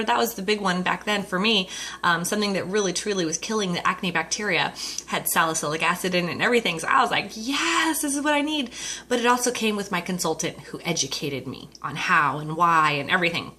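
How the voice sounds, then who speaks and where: Lively, bright-voiced woman telling a story. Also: medium pitch. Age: adult with a husband, dating herself. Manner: animated storyteller acting out quoted voices. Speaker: Mary Kay consultant. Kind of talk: personal story told to an audience.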